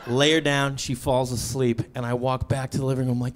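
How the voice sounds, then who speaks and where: A man's voice: fairly quick, hardly any pauses, a little hiss or hum. A man in his thirties doing a stand-up comedy set on stage, telling stories with bursts of acted voices. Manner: animated storytelling with sudden high-pitched acted quotes. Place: comedy stage before a live audience.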